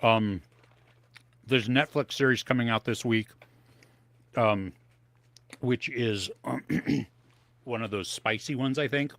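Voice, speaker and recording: A male co-host rambles through a casual live-stream movie podcast from his home office setup, tasting snacks on air. He takes it slowly with long pauses and vocal fry, in a mid-range, slightly bright voice on a dry recording.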